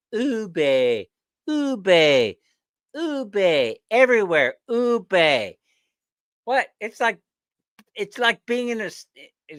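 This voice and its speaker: A man hosting a casual livestream chat, ranting with animated energy and laughing often. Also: high-pitched, dry recording, clean studio sound. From not from the Philippines. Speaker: livestream host.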